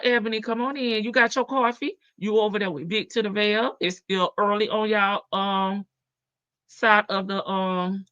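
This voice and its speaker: A woman's voice: mid-range voice, pushed and bright, no room sound. A woman hosting a casual live stream, talking in a sassy, brash way, swearing freely and laughing often. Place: home in Las Vegas. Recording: dull lo-fi stream audio.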